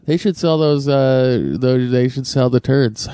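A man's voice: medium pitch, measured pace, dark tone, smooth, no echo, clean studio sound. A man co-hosting a casual podcast, rambling with curious questions and reading out trivia. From US Northwest. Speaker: podcast co-host. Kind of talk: casual chat.

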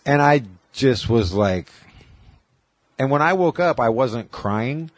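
A man's voice: medium pitch, animated, takes it slowly, no echo. A man in his forties in casual podcast chat, telling a long personal story and quoting others. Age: 40s. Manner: rambling storytelling, quoting others in raised voices. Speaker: podcast host.

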